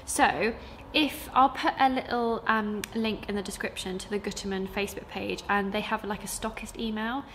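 A young woman who runs and teaches at a sewing school chats to camera about her week, vlog-style, with many fillers. She has a medium-pitched, fairly bright voice with a steady tone, speaking at normal speed with hardly any pauses over slight background noise.

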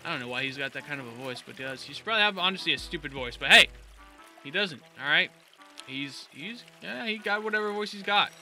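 A man giving let's-play commentary in an excitable, joking and animated way. His voice is very bright and piercing, and it sits fairly high. Soft music plays behind him. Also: fast talker. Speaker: gaming YouTuber.

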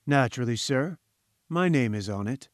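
A man's voice: medium pitch, expressive, normal speed, no echo, clean studio sound, close to an everyday voice. A man voicing a polite, bewildered young engineer who answers cautiously and deferentially, in an audiobook reading. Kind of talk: audiobook character voice.

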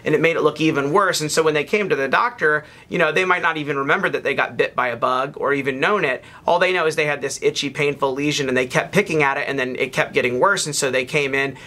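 In what sounds like a narrated teaching recording, a man with a bright, slightly high voice walks through pathology slides under a microscope. He explains in a relaxed, unscripted way, pausing with ums and restarting phrases as he points out features.

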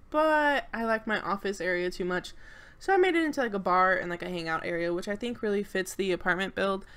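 A woman's voice: mid-range voice, quick pace, a bit bright, smooth. A young woman with a mid-range voice chats through a loose game voice-over, filling her sentences with little fillers and playful bragging. She sounds slightly stuffy-nosed and a touch out of breath. She is talking into a desk mic at home. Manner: rambling, filler-heavy, playfully boastful. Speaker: co-host of a game channel. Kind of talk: casual gameplay voice-over. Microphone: desk microphone at home.

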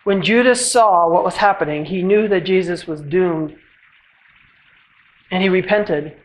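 A church reader delivers a Passion narrative in a measured, solemn way at a service. The voice sits in a middle pitch range and slows at the ends of phrases. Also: poor audio. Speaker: scripture reader.

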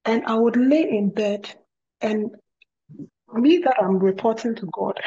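A woman's voice: a little high, measured pace, pauses often, mellow, lo-fi sound. A middle-aged woman sharing a Christian testimony and teaching wives, in an earnest tone, often repeating words for emphasis. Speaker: guest speaker at a women's ministry program.

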